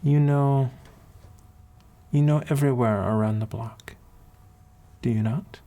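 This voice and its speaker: A man voicing a stern but kindly woman mentor who speaks with an accent, in a calm, measured, soothing way. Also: medium pitch, natural voice. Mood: persuasive.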